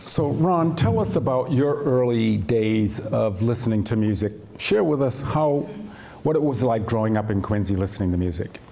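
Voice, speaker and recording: A man's voice: mid-range voice, lively intonation, moderate pace, gravelly, a little mellow, a little hiss or hum. A man interviewing a guest on stage, asking inviting questions about his career. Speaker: interviewer, producer.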